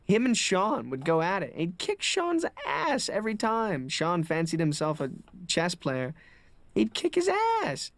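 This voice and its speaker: A man's voice: a little high, big pitch swings, a little slow, hardly any pauses, fairly bright tone, dry recording. A man actor in a documentary interview, talking enthusiastically about his co-workers.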